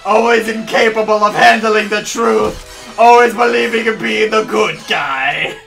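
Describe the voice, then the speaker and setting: A man putting on the voice of a gloating male goblin villain, taunting his foe in theatrical, drawn-out lines during a game. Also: sits high, vocal fry, fairly bright tone, recorded from a distance, soft background music, heavily acted. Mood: sneering. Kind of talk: playful in-game villain role-play.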